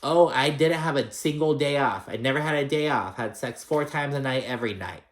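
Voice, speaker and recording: A man's voice: medium pitch, fairly quick, echoey room, pitched above the performer's own voice, natural voice. A man doing a mocking impression of a boastful reality-show woman, exaggerated and sneering.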